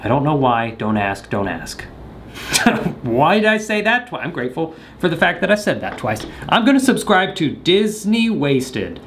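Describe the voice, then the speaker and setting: Young guy vlogger with a lively, bouncing voice, goofy and jokey, faint room hum behind. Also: fairly high pitch, measured pace. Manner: goofy, joking, talks to the camera. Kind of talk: rambling comedic monologue.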